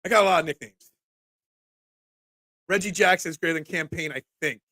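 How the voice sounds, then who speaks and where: A man in his forties hosts a casual sports talk stream, rambling as he answers chat comments. His voice is a little high, fairly quick and sharp, congested and cracking. The recording is dry and studio quality.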